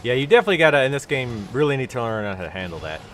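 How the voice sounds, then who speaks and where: A man's voice: medium pitch, sing-song, very fast, a bit bright, a little hiss or hum. A man with a stuffy nose giving casual, rambling commentary while he plays a game on a live stream. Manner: rambling, explanatory, with many fillers. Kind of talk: casual let's-play commentary.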